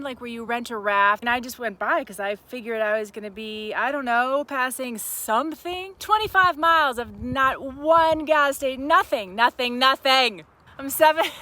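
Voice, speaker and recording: A woman talking to her camera outdoors during a long bike ride, sounding worn out and chatty, grumbling one moment and excited the next. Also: sits high, low-quality recording. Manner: chatty, swings between tired grumbling and excited squeals. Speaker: vlogger. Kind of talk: casual travel vlog narration. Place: outdoors on a roadside. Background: passing traffic and outdoor ambience.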